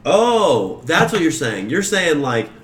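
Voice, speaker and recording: A man's voice: a little high, sing-song, slow, a bit bright. A man playing a tabletop game, brash and profane, talking loosely with his friends. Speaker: player. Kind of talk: casual tabletop game chat. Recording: roomy echo with faint ambient noise.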